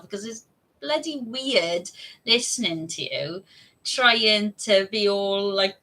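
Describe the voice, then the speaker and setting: A woman's voice: medium pitch, sharp tone, rough recording. A woman, telling her own story on a live stream in a chatty, candid way. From United Kingdom. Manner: chatty and candid, with frequent fillers and laughs.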